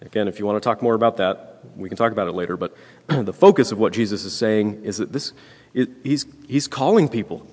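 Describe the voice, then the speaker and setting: A man preaching a sermon, earnest and emphatic, repeating his points and clearing his throat often. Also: fairly low pitch, fairly quick, darkish tone, in a large hall. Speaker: pastor.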